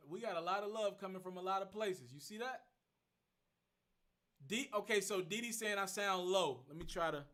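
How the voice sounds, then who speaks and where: A young man hosting a casual phone livestream, rattling off rapid shout-outs to viewers and answering their questions. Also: high-pitched. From Memphis. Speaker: livestream host.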